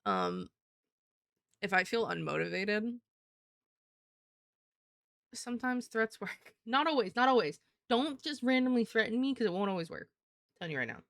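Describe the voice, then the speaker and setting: A woman's voice: on the high side, very animated, normal speed, creaky, pauses often, fairly bright tone, no echo, studio quality. A young adult woman live streamer chatting casually to her viewers, rambling and swearing, with lots of "like" fillers. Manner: rambling, profane, heavy use of "like".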